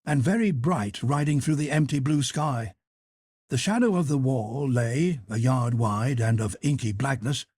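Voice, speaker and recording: A man narrating an audiobook in a measured, even storytelling manner. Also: fairly high pitch, husky, no room sound, studio quality. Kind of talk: scripted narration.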